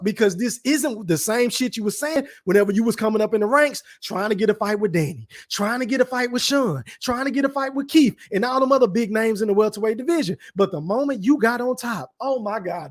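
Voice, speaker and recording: A young man from Dallas, hosting a casual live stream, reading chat comments aloud and ranting in profane slang. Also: very high-pitched. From Dallas, Texas.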